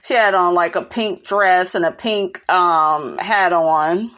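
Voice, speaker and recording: A woman giving a sassy, blunt, gossipy recap of a reality show, calling the listener "honey" constantly. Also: slow pace. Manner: animated, swoops in pitch for emphasis.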